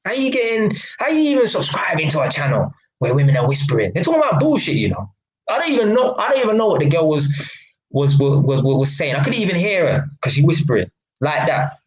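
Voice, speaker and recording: A man's voice: fairly high pitch, sing-song, quick pace. A young man, chatting bluntly and mockingly on his own live stream. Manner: blunt and mocking, London slang, frequent laughs. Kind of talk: casual live stream chat. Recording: echoey room.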